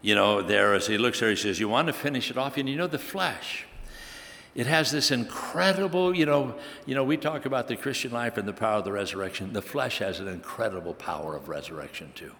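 A man's voice: fairly low pitch, expressive, fairly quick, gravelly, pushed and bright, big-room sound. A man preaching a sermon, telling a personal story with animation and building to emphatic preaching. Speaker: pastor.

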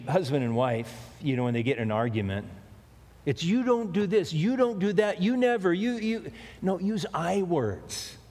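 A pastor giving a conversational sermon, often repeating key phrases for emphasis. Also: male voice, medium pitch, a little mellow, in a large hall.

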